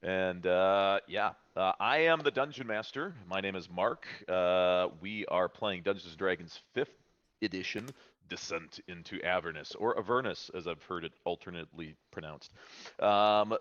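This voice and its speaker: A man narrating as dungeon master of a tabletop game on a live stream, halting and full of uh and um fillers. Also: low-pitched, fairly bright tone, dry recording, muffled recording.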